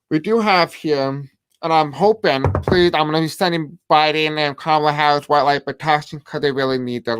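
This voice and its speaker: Tarot reader vlogging a reading, mid-pitched, smooth and dry-sounding, halting delivery with repeated phrases. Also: no room sound. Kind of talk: casual tarot reading to camera.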